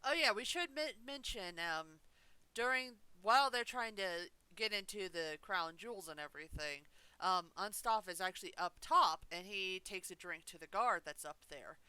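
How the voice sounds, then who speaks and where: A woman's voice: medium pitch, expressive, normal speed, bright, forceful tone, clear, resonant tone, no room sound, poor audio. A woman co-hosting a podcast, chatting enthusiastically about an episode. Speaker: podcast co-host. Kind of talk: casual chat.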